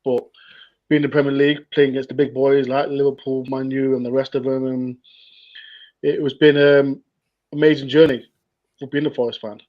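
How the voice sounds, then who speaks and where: A man's voice: mid-range voice, level tone, a little fast, pauses often. A man guesting on a football chat, talking casually and rambling with lots of hesitations. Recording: dull lo-fi call audio.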